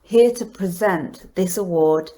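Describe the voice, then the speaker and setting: A woman hosting an awards presentation, reading a script in a measured, deliberate way. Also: lowish voice, dark tone. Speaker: awards host.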